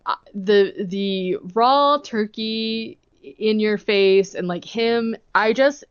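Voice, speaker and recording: A woman on a podcast chats her way through a movie recap, peppering every sentence with "like" and acting out the characters' lines. Her voice sits at an average pitch. The recording is dry and a little muffled. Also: takes it slowly, clean tone, no room sound. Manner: chatty, heavy use of "like", quotes characters and her own reactions. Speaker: podcast co-host. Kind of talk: casual chat recapping a movie.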